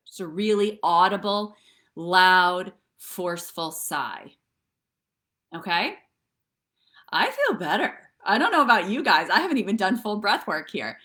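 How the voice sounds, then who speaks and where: Speaking at a measured pace, this middle-aged woman has a medium-pitched, sing-song voice that sounds bright and forceful. She's a wellness coach guiding a live-stream audience through breathwork and tapping, chatty and frequently asking "okay?" or "right?".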